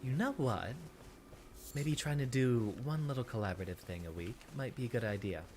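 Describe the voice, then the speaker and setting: A man from Texas streaming a video game in a put-on teacher persona voice, thinking aloud in relaxed, chatty commentary. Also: medium pitch, a little fast, noisy background. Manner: performs a put-on teacher persona voice rather than his real one. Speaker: VTuber streamer. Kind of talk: casual gameplay commentary. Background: game music.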